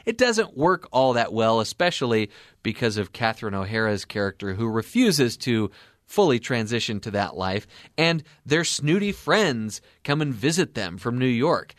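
A man co-hosting a casual movie talk show, playful and animated when telling stories. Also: mid-range voice, normal speed, dry recording, clean studio sound. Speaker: co-host. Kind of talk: casual chat.

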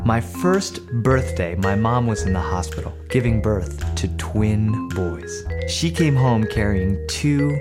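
Man, storyteller, personal childhood tale, expressive, acts out family voices, music playing behind. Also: on the low side, slow pace, few pauses.

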